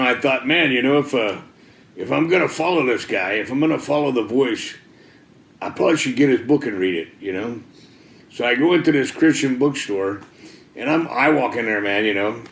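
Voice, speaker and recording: A middle-aged man tells his life story as a testimony, folksy and loose, with plenty of "man" and "you know". His voice sits at an ordinary pitch. It rings in a roomy, echoey space. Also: a bit bright. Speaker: testimony speaker.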